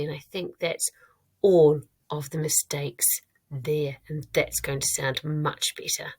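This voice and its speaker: A woman primary school teacher giving a recorded lesson. She speaks clearly and encouragingly to her pupils and thinks aloud as she checks her own writing. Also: deep voice, fairly even intonation, slow pace, darkish tone.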